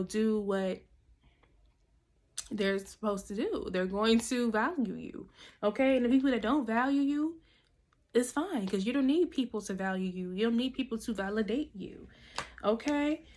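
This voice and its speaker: A woman doing a casual tarot reading to camera. She talks directly and coaches her listeners, peppering her advice with slang, casual swearing and a checking-in "okay?". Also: mid-range voice. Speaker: tarot reader.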